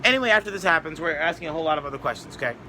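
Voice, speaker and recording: A political commentator rambles through a sarcastic opinion monologue, mocking others with put-on voices. He talks very fast in an animated, fairly high voice with a bright, forceful tone, over slight background noise.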